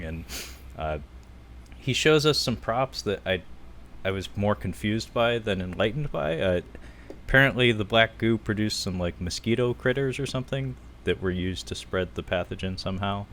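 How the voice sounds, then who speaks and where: A man co-hosting a casual film podcast, chatty and quick to laugh, full of "like" and "uh". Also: lowish voice, lively intonation, a bit bright. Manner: chatty, laughs often, many fillers like "like" and "uh". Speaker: podcast co-host.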